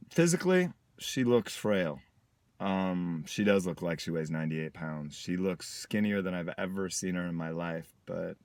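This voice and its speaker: A man with a low, deep voice speaks in a personal video diary. His delivery is reflective and halting, broken up by pauses. The sound is dry and close, with no room around it. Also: dry recording. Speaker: vlogger.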